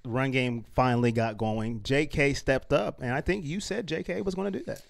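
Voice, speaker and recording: A man's voice: medium pitch, fairly quick, vocal fry, no room sound, clean studio sound. A man co-hosting a live fan talk show, chiming in with short agreeing remarks. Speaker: co-host.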